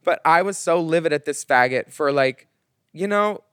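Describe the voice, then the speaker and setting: A man co-hosting a gossip podcast, telling his story with lively, animated delivery. His voice sits a little high for a man. The close mic sounds dry, with no room around it. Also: moderate pace, smooth, no room sound. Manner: animated storyteller who acts out the other people in his stories. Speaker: podcast co-host. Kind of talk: casual gossip chat.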